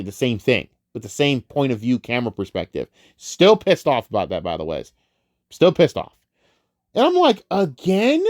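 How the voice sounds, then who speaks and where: A man's voice: fairly low pitch, no echo, studio quality. A man giving a casual, profane, rambling film review rant. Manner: profane, rambling, animated ranting. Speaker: movie reviewer.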